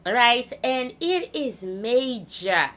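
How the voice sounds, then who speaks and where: A woman from Zimbabwe talking to her viewers in a casual, rambling monologue, candid and crude, swinging between loud and laughing. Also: on the high side, big pitch swings, takes it slowly. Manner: blunt, candid storytelling with crude language. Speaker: vlogger.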